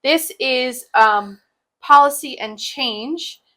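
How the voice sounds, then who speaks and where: A woman's voice: sits high, slow pace, pushed and bright. A young woman hosting a casual cross-stitch show, chatting in a joking, sarcastic way and laughing often. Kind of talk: casual chat.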